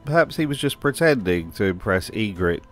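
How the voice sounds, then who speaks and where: A man's voice: on the low side, big pitch swings, moderate pace, faint music behind. A man narrating a wry commentary voice-over in a dry, sardonic manner. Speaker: video narrator.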